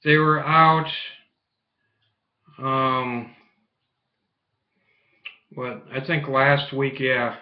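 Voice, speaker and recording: A man's voice: mid-range voice, steady tone, extremely slow, long pauses. A man vlogging casually, with crude, teasing banter. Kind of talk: casual vlog talk. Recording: muffled echoey room.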